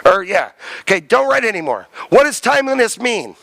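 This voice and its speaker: High-pitched, animated male lecturer. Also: brisk, creaky, no room sound. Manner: emphatic, quizzes students, repeats key terms. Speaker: college lecturer. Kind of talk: classroom lecture. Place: lecture classroom.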